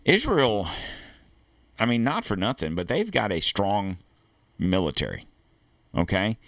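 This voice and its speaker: A deep-voiced American man hosts a political commentary podcast. He reads an article aloud and stops to add blunt, cursing asides of his own. The sound is dry and close. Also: very animated, unhurried, fairly bright tone, no room sound. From United States. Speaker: podcast host. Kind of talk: opinionated commentary reading an article.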